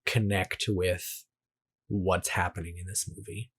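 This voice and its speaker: Husky-voiced man co-hosting a podcast. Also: deep voice, flat delivery, unhurried, a bit bright. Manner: hesitant, restarts phrases, reads trivia aloud. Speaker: podcast co-host. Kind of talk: casual movie review chat.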